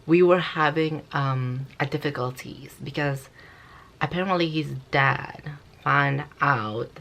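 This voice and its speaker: Rambling and profane, this young female vlogger peppers her casual story with endless "like"s. She has a bass voice with vocal fry and a slightly bright edge.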